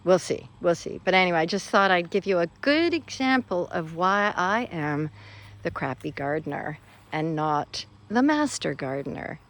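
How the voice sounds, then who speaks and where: A woman's voice: on the low side, expressive, moderate pace, fairly bright tone. A woman vlogging from her garden, talking casually in a rambling, self-deprecating way full of fillers. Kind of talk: casual rambling vlog talk. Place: outdoors in a garden.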